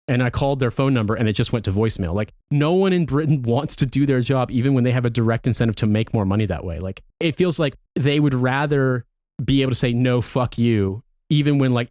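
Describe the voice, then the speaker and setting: A man's voice: mid-range voice, darkish tone, dry recording, studio quality. An American man, a podcast co-host, ranting in casual chat with plenty of profanity. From United States.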